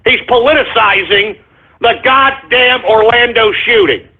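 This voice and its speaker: A man's voice: very high-pitched, measured pace. A man hosting a talk radio show, delivering an angry, profane political rant. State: furious. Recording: tinny phone-like lo-fi radio audio.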